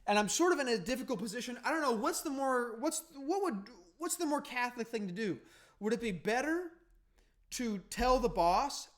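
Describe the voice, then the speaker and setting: A man's voice: extremely high pitch, lively intonation, normal speed. A man hosting a podcast, telling a story in casual, profane, heated rambling. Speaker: podcast host.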